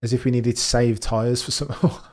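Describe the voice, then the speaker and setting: A young British man commentating a live race session for a stream, reacting to chat and swinging between loud excitement and deflated muttering. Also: mid-range voice, normal speed. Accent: British English. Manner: reads and answers chat. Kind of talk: live watch-along commentary.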